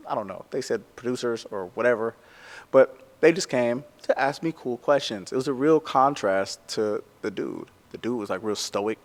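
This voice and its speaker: A tattoo artist tells a story in a loose, casual way, packed with slang and constant "like"s. His voice sits at an ordinary middle pitch for a man. The sound trails into a long, reverberant room echo. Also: normal speed. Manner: animated, slangy, lots of "like".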